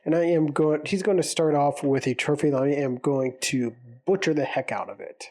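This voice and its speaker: A man co-hosting a casual podcast, easygoing and quick to laugh, sometimes stumbling over words. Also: on the high side, a little mellow. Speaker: podcast co-host.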